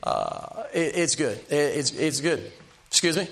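An older man preaching a sermon, telling folksy personal stories with restarts and slow, emphatic punchlines. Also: on the high side, wildly swooping pitch, gravelly, a bit bright.

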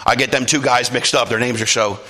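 A man preaching a sermon, lively, calling out to the congregation and acting out the people in his story, often rising to a shout. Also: medium pitch, brisk. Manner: animated, calls for response from congregation; acts out quoted voices, often shouting.

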